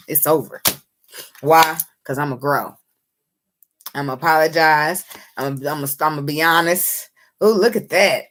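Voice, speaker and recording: Woman, tarot reader, casual reading, slightly low pitch, blunt, profane, excitable.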